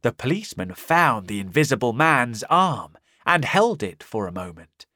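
A man narrating a simplified storybook in a slow, clear, careful reading. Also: mid-range voice, sing-song, bright, forceful tone, no room sound, clean studio sound. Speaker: audiobook narrator. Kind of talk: scripted narration of a simplified reader.

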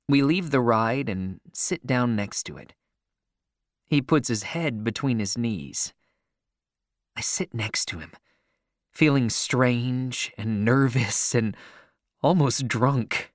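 A man narrates a first-person story in a slow, unhurried reading. His pitch moves expressively, and the emotion is clear in his voice. The recording is dry and close. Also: animated, no room sound.

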